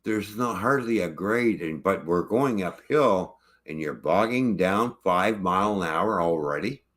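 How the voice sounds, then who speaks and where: A man's voice: low voice, lively intonation, unhurried, fairly bright tone. A truck driver ranting angrily about his truck, swearing constantly in casual livestream talk.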